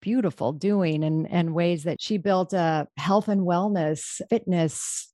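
A woman's voice: on the low side, takes it slowly, dark tone, no echo, studio quality. A woman hosting a podcast, introducing her guest in an effusive, rambling way with many restarts. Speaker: podcast host.

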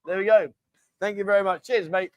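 His voice sits high, a little fast, with fairly even intonation and no room sound. This middle-aged host keeps his livestream casual, chatting, reading out viewer comments, and being matey, often calling people mate.

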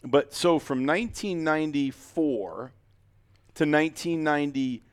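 A middle-aged man hosts a podcast in a loose, rambling way, joking and restarting his sentences often. His voice is smooth and resonant. It is recorded dry and close, with no room sound. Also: a little high, lively intonation, a little slow, no echo. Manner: rambling, jokey, many fillers and restarts. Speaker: podcast host. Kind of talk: casual chat.

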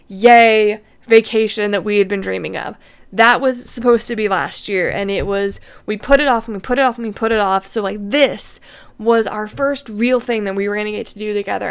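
A woman podcast host telling a personal story in a casual monologue, chatty and animated, often repeating words and acting out her own panicked thoughts. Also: mid-range voice, smooth. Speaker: podcast host and money coach.

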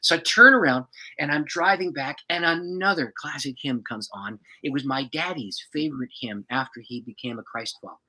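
A man who is a pastor, an animated storyteller who laughs often as a guest on a podcast. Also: fairly high pitch, fairly quick, hardly any pauses, low-quality recording.

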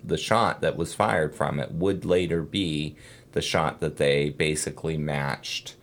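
Deep-voiced guy rambling thru a true crime story, lots of "like" and "you know". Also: steady tone, unhurried. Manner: rambling, lots of fillers and self-corrections. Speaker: podcast host telling a true crime case. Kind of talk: casual true crime chat.

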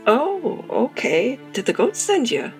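A woman voicing an absent-minded botanist with an Australian accent, who mumbles through a clenched jaw and keeps losing track of what she is saying, with soft music behind. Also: sits high, sing-song, takes it slowly, heavily acted. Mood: dotty, forgetful. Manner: forgetful, wandering, easily sidetracked.

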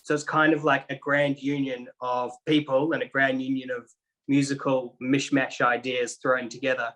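A New man explains his band's story with plenty of ums and uhs, teasing his bandmate along the way. His voice is bright and forward, sitting in a mid-range pitch. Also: flat delivery, moderate pace, rough recording. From New Zealand. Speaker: band member. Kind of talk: casual interview.

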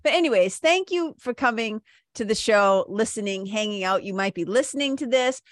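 Lively, laughing woman podcast host. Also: mid-range voice, normal speed, no room sound, studio quality. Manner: animated, laughs often, swears casually. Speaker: podcast host and spiritual mentor. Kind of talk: casual solo podcast talk.

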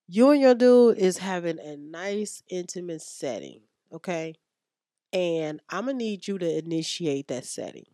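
A woman's voice: lowish voice, dark tone, dry recording, studio quality. A woman hosting a podcast, giving frank advice in a blunt, profane, emphatic way and repeating herself for emphasis. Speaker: podcast host and hairstylist. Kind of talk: frank casual advice talk.

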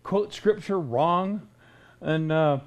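A man with a high voice delivers a conversational sermon. He is blunt and folksy, needling his listeners with sarcastic rhetorical questions. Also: slow. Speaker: preacher.

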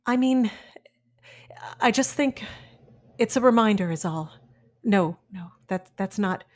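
A woman's voice: medium pitch, animated, slow. A woman playing a timid, anxious young wife. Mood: flustered. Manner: hesitant, stammering, soft-spoken. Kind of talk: audio drama acting.

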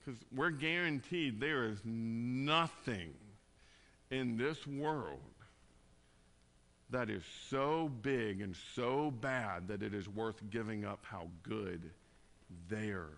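A man preaching a conversational sermon, moving between quiet, tender passages and loud emphatic bursts. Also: medium pitch, slow, vocal fry. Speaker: pastor.

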